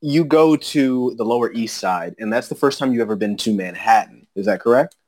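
A man's voice: mid-range voice, animated, fairly quick, darkish tone. A man hosting a podcast interview, easygoing, asking prompting questions and laughing often. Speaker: podcast host. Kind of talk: casual interview chat.

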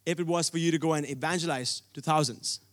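A man's voice: a little high, fast talker, a bit bright. A young man from India preaching a sermon, telling a personal story earnestly, with frequent restarts.

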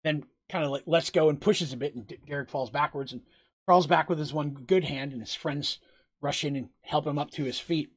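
A man's voice: a little high, brisk, husky. A man narrating a tabletop game as game master, casual and rambling with fillers.

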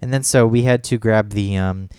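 A man's voice: lowish voice, steady tone, moderate pace, dark tone, clear, resonant tone, no echo, clean studio sound. A man telling a story in a casual podcast chat, rambling and swearing often. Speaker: podcast co-host.

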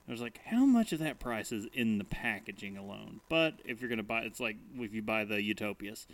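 A man co-hosting a casual podcast chat, telling jokey stories in an animated way. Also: lowish voice, brisk. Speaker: podcast co-host.

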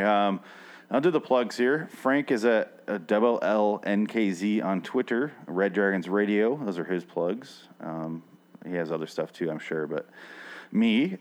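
A man's voice: fairly low pitch, darkish tone. A man hosting a podcast, recapping an episode in casual, rambling chat full of swearing. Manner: rambling and sweary, with frequent restarts. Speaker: podcast host.

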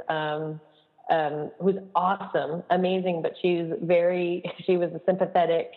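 A camp director co-hosting a podcast tells funny camp stories in casual chat, laughing as she goes and narrating with animation. Her voice is fairly low at normal speed. The recording sounds dull, with a long echoey reverb.

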